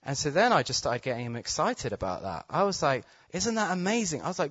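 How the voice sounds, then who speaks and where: A man preaching, telling a healing story with excited laughter, then praying with urgent declarations over the crowd. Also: a little high, quick pace, hardly any pauses, breathy edge, dry recording. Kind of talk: testimony storytelling and healing prayer. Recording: dull, slightly muffled sound.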